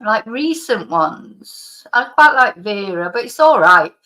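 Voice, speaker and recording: Slow-paced and medium-pitched, her voice swings widely in pitch and sounds pushed and bright. She's a middle-aged woman with a slight lingering cough, rambling and chatting on a live stream while reading viewer comments, laughing and restarting often.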